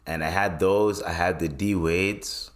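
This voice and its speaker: A man's voice: low voice, fairly even intonation, unhurried. A man in his twenties hosting a podcast, chatting loosely and rambling with plenty of swearing. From Canada. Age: 20s. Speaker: podcast host. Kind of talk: casual podcast chat.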